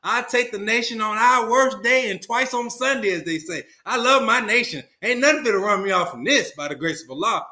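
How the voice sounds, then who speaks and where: A man's voice: high voice, expressive, brisk, hardly any pauses, bright, forceful tone. A man, a podcast guest, telling a personal story in an earnest, colloquial and emphatic way. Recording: roomy echo.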